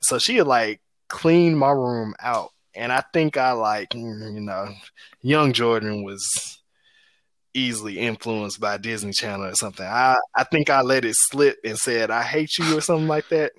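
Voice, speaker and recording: A young man telling a story in casual chat, animated, and acting out the people he quotes. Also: mid-range voice, moderate pace, no room sound.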